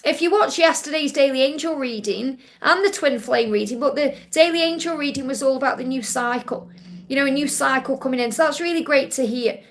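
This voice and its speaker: Female live-stream psychic host, high voice, gentle, reassuring delivery. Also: fairly quick. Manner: gentle and reassuring, ends points with a soft "okay?"; relays messages in first person with emphatic repetition. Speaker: psychic card reader hosting a live Q&A.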